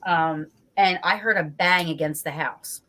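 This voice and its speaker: A woman from New Jersey with a slightly low voice tells a story as a guest in a casual interview. She is animated and swears freely, acting out her own reactions as she goes. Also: measured pace. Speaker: guest investigator.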